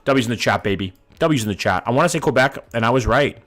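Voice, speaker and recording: A streamer from Vancouver in his thirties keeps up lively, quick commentary in a medium-pitched, slightly bright voice, with faint music behind. He chats with viewers, guesses locations, and swears casually.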